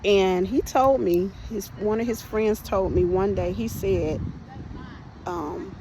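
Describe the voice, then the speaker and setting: A woman's voice: medium pitch, takes it slowly, noisy background. A woman hosting a podcast and telling her personal testimony in a conversational way, often speaking to listeners as "y'all" and restarting her sentences.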